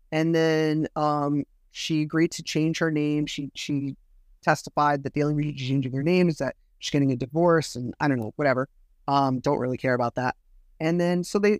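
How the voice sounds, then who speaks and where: A man's voice: on the high side, no echo, studio quality. Bitter, swearing man telling his story. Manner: bitter, profane, rambling with many fillers. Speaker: podcast host. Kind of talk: casual solo storytelling.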